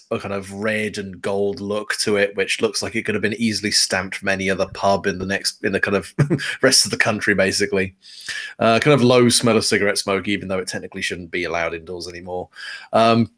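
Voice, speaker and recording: A game master with a low voice describes scenes in a loose, rambling way. He is full of fillers as he sets the scene for his players. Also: fairly bright tone. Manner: casual, rambling, many fillers. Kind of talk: narrating a tabletop game.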